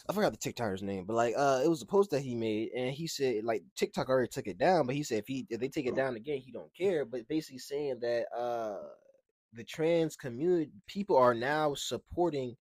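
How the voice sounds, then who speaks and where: A man's voice: medium pitch, brisk, a little mellow, dry recording. A man co-hosting a podcast, giving casual, slangy commentary on the news, joking around and stumbling over his words. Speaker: podcast co-host.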